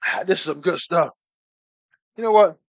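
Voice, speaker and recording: A man cooking on a live stream, talking excitedly to his viewers, calling them baby again and again and breaking into whoops. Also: sits high, moderate pace, creaky, no room sound. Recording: dull lo-fi stream audio.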